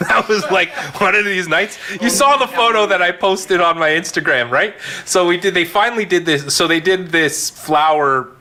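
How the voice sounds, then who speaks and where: A man telling a story in a casual podcast chat, animated, laughing often and using many fillers. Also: a little high, a little hiss or hum. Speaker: physician podcast co-host.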